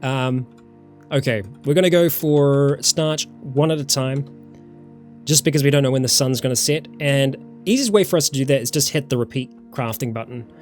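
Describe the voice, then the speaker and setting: A man with a New Zealand accent talks through a survival game in an easygoing, chatty way, thinking aloud and greeting viewers. His voice sits at an ordinary pitch, recorded on a home desk mic with faint music behind. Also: normal speed. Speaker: let's-play host. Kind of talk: casual game commentary. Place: warm room at home.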